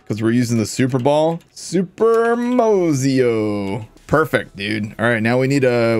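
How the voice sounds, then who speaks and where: A man giving casual, jokey commentary over his own gameplay, laughing often and getting excitable. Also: mid-range voice. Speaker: gaming streamer.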